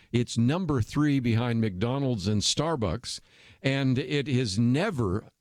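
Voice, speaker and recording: A man's voice: medium pitch, dry recording, clean studio sound. A man hosting a radio talk show, giving opinionated commentary in a conversational way with frequent fillers. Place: radio studio.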